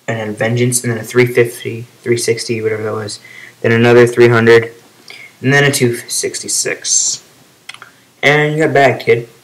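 A young man casually commenting over his own gameplay clips, rambling, with sudden excited outbursts between quiet, trailing remarks. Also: medium pitch, poor audio.

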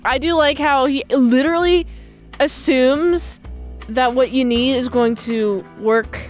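A woman's voice: sits high, slow pace, soft background music. A young woman recapping and reviewing a TV episode in a casual, rambling, chatty way. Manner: chatty, rambling, lots of fillers.

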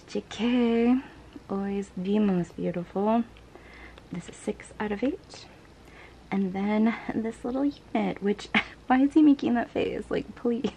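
A woman chatting through an unboxing, gushing and breathless, her voice sitting at an ordinary middle pitch. She drops into soft whispers now and then. Faint room noise hums underneath. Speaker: vlogger. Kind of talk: casual unboxing chat.

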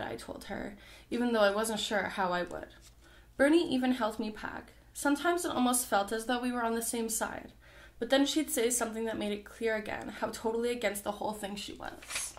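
A woman's voice: a little high, a little fast. A young woman reading a children's novel aloud, narrating and voicing the characters lightly. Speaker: audiobook reader.

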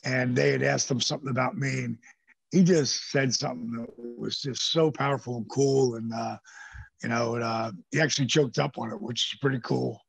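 Gravelly, husky man telling wild stories. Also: medium pitch, normal speed, no room sound. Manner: animated, swears freely, acts out voices in stories. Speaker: podcast guest, former pro wrestler. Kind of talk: casual storytelling interview. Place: podcast studio.

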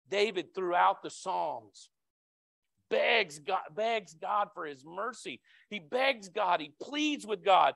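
Bright, dry-voiced lay preacher man. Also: animated, slow pace, vocal fry, no room sound. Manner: conversational, repeats words, acts out cries with sudden loud high shouts. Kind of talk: sermon. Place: church sanctuary.

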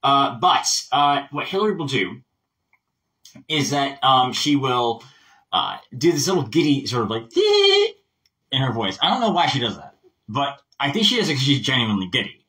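A man's voice: mid-range voice, moderate pace, recorded from a distance, poor audio. A man giving a casual voice lesson, chatty and full of asides. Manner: chatty, animated, explains with lots of asides. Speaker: voice coach.

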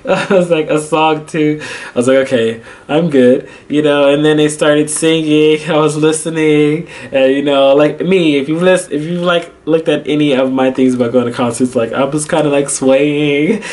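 A young man, an English teacher, telling a personal story in a casual vlog, animated and full of fillers, acting out his own reactions. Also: on the high side, moderate pace, hardly any pauses. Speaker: vlogger, English teacher abroad.

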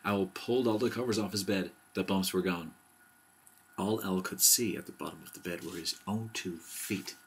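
Deep-voiced man reading a bedtime story. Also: moderate pace, gravelly.

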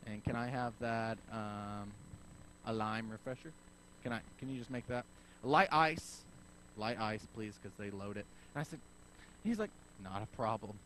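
A man preaching a sermon as pastor, telling a story in a lively way and acting out both sides of the conversation. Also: on the low side, moderate pace, a little hiss or hum, low-quality recording. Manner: animated storyteller acting out dialogue.

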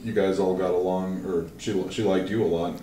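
A man's voice: deep voice, steady tone, normal speed, mellow. A man interviewing a guest, asking casual, curious questions. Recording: roomy with faint noise.

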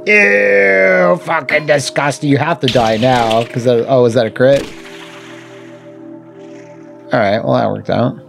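A man with a gravelly, mid-pitched voice chats his way through a video game. His commentary is wry and jokey, full of swearing and asides to the enemies on screen, while faint game music plays underneath. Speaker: gaming channel host. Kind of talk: casual let's-play commentary.

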